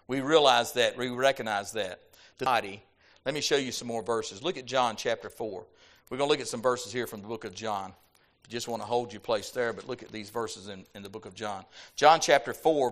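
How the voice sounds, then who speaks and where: A man preaching a sermon, reading scripture aloud with rising emphasis and dropping soft on key lines. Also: mid-range voice. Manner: animated, rises loud on scripture then drops soft.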